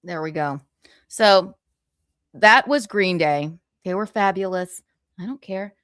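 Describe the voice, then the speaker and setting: A woman hosting a casual livestream, reading viewer comments out loud in a brash, profane, giggly way. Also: fairly low pitch, takes it slowly, clear, resonant tone, no room sound, clean studio sound. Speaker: livestream host.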